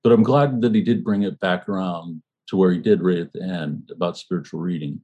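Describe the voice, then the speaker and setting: Deep, husky-voiced man leading a study group. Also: lo-fi sound. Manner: thoughtful, halting, frequent fillers and restarts. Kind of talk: book discussion and reading aloud.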